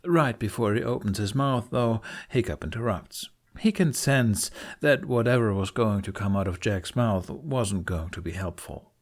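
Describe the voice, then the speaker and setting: A man narrating a fan fiction audiobook with an expressive reading. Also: fairly low pitch, moderate pace, hardly any pauses.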